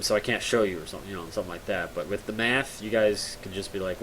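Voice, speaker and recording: A man's voice: on the low side, fast talker, few pauses, a bit bright, a little hiss or hum. Tired man rambling to his stream chat. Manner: rambling, self-mocking, tired. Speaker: game streamer. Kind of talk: casual live-stream chat.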